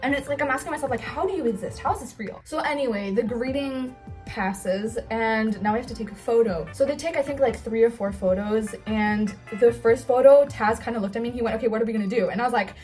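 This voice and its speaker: An excitable young woman chats through a casual makeup vlog and tells her story in a gushing rush. Her voice sits fairly high, and soft music plays faintly behind her. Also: fast talker. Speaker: cosplay vlogger. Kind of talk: casual get-ready-with-me vlog.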